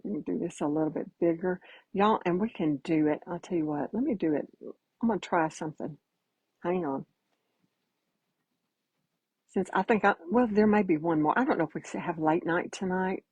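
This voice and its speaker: A chatty woman with a drawl walks viewers through a live painting demo in a folksy, easygoing way. Her voice sits low and a little husky. The sound is dry and close, with no room around it. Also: normal speed, pauses often, a little mellow, no echo, highs cut off. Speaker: painting instructor.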